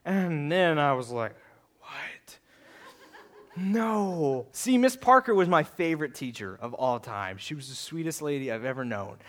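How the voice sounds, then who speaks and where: A man preaching a sermon, telling a childhood story with lively, acted-out quotes and earnest appeals to the congregation. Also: on the high side, moderate pace, hardly any pauses. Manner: animated storytelling, acting out quotes, shouting at peaks.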